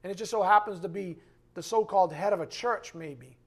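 High-pitched emphatic male bible teacher. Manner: emphatic, slows for scripture readings, drops to quiet asides. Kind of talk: classroom bible lesson.

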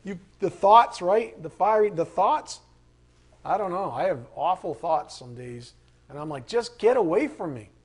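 A man with a high voice teaches a Bible study. He reads the passages aloud in an earnest tone, then breaks off into casual, conversational asides to the group. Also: unhurried.

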